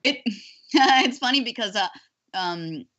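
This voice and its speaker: A woman's voice: fairly high pitch, slow pace. Chatty woman, lo-fi sound. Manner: animated, chatty, many fillers and restarts. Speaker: voice actress guest. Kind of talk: casual interview chat.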